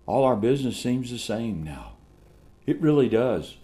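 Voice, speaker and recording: A man preaching a sermon, swinging from shouted lines to hushed ones and laughing often. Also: medium pitch, big pitch swings, moderate pace.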